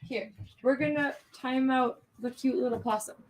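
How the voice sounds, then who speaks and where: A woman hosting a live-streamed art auction, chatty and quick to laugh, calling bids and prices. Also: high-pitched, steady tone, rough recording.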